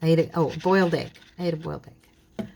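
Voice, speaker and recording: A woman hosting a casual crafting tutorial, chatting and talking to herself as she works, with a frog in her throat that keeps her clearing it. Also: sits low, quick pace, dark tone. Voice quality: chatty, talks to herself while working. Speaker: craft channel host.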